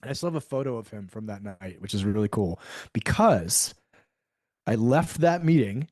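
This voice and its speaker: A middle-aged man, a podcast guest, telling a story in a lively way, acting out the quoted dialogue and swearing freely. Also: fairly low pitch, moderate pace, no echo, studio quality. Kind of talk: storytelling in a conversational interview.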